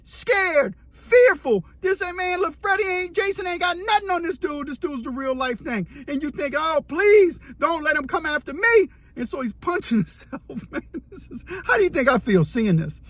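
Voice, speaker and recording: High-voiced animated male storyteller. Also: normal speed, hardly any pauses, no room sound. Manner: animated, vivid, dramatic retelling. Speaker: storyteller, former inmate. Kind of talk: casual storytelling to camera.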